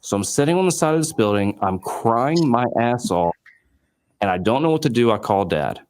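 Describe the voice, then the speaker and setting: In an interview, a company founder in his late twenties recounts his journey, peppering it with fillers and animated quoted exchanges. His voice sits at medium pitch, and his pace is moderate.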